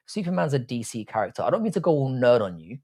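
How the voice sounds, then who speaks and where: Brief: young male livestream host, animated and bouncy pitch, crude teasing banter full of swearing, casual desk-mic talk. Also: quick pace. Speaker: livestream host reading chat. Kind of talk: casual live stream banter.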